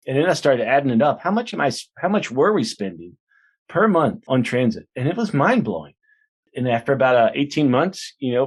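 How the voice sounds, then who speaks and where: A man in his forties, a minister and author, chatting as a guest in an interview and telling stories with lots of restarts. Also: mid-range voice. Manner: chatty storyteller, full of "you know" and restarts. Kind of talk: casual interview conversation.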